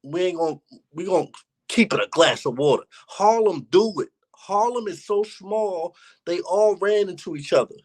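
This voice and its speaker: In relaxed conversation as an interview guest, this young battle rapper speaks at normal speed with a high-sitting, expressive voice. He shares stories candidly and reflectively, using street slang.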